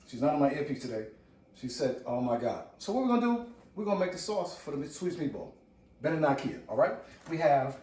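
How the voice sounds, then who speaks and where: A man's voice: fairly high pitch, a little mellow, recorded from a distance. A man hosting a home cooking video, chatting playfully with his viewers as he cooks. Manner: chatty and playful, talks to the audience as "cooks" and "y'all". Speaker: home cooking channel host. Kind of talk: casual cooking vlog. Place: home kitchen. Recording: echoey kitchen, voice off-mic, faint room noise.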